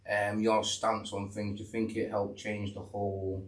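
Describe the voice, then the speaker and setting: A man hosting a podcast interview, asking quick questions and giving short backchannels. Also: on the low side, monotone, roomy sound. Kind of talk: casual interview. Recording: distant mic with faint noise and clicks.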